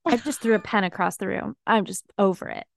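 A woman's voice: mid-range voice, animated, brisk, vocal fry. A young woman co-hosting a podcast, ranting emphatically in casual chat and laughing along. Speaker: podcast co-host.

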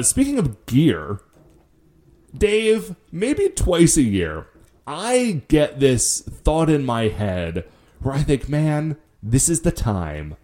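Man, podcast co-host, mellow dark voice, lively pitch, dry banter. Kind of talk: casual chat.

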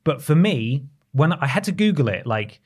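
A man from the UK, talking in a casual podcast chat, animated and often correcting himself mid-sentence. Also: on the high side, moderate pace, slightly rough. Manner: talkative, animated, self-correcting.

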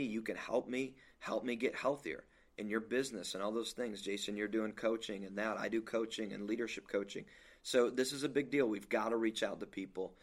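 Emphatic motivational man, low voice. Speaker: leadership coach. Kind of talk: casual podcast chat.

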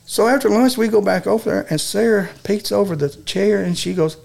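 A man's voice: high-pitched, brisk, creaky, a little mellow. A man in casual talk, telling a prank story in a folksy way and laughing as he goes. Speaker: staff member telling a story.

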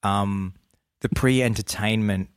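A man's voice: lowish voice, steady tone, takes it slowly, smooth, dry recording, studio quality. A man co-hosting a podcast, telling a story in a rambling way with many restarts and laughs. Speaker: podcast co-host. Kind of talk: casual comedic chat.

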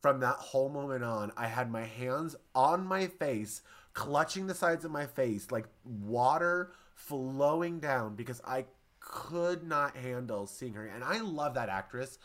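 A man co-hosting a podcast, retelling a TV episode in a gushing, emotional, fast-talking way. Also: mid-range voice, lively intonation, a bit bright. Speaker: podcast co-host. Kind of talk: casual chat.

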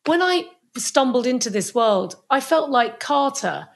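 Animated woman, Chinese medicine guest. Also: high-pitched, unhurried, vocal fry. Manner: animated, acts out little scenes with voices. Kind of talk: podcast interview.

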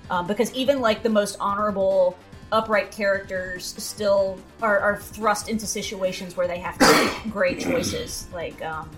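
A woman's voice: mid-range voice, moderate pace, music in the background. A woman co-hosting a casual podcast, talking animatedly with lots of fillers, restarts and laughter. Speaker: podcast co-host. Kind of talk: casual chat.

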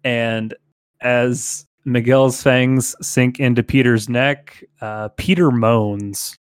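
A man's voice: mid-range voice, flat delivery, clear, resonant tone, no room sound, clean studio sound. Joking man co-hosting a podcast. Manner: joking, breaks into laughter and quick put-on voices. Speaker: podcast co-host. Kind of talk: casual comedic chat reading fan fiction aloud.

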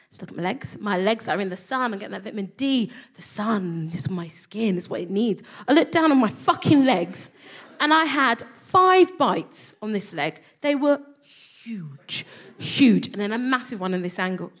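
A young London woman with a mid-pitched voice tells comic stories to a live crowd. She is animated and swears freely. She slips into other people's voices as she goes. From London, England. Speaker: co-host. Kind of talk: comic storytelling before a live audience.

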